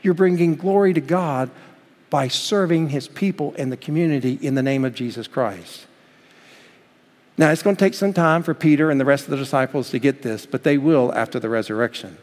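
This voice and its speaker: A man preaching a sermon as pastor, swinging between loud emphatic lines and hushed, slow passages, and acting out quoted voices. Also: mid-range voice, long reverb tail. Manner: acts out quoted voices in the story.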